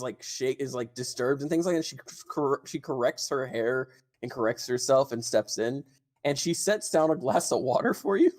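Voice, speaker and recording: A man running a tabletop game as dungeon master, narrating scenes in a relaxed way with fillers. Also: on the high side.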